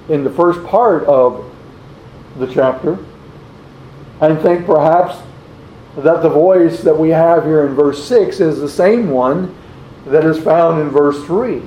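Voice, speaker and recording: A man preaching a sermon, slowly posing rhetorical questions and reading scripture aloud in old-fashioned wording. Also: a little high, mellow, a little hiss or hum. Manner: slow, deliberate, repeats rhetorical questions. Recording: roomy, dull lo-fi recording.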